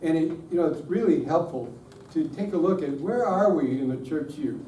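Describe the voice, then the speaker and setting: An expressive, mellow, fairly quick voice on the high side belongs to a middle-aged man delivering a worship conference talk. He pokes fun at himself and jokes with the audience. The audio is roomy, from a distant room mic, with faint hiss.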